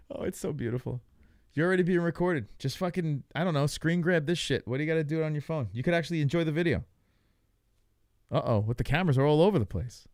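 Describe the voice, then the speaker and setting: Speaking fast in a slightly high, slightly mellow voice, a young livestream host jokes loosely as he reacts to results and addresses his chat. It's casual live reaction commentary, recorded dry at studio quality.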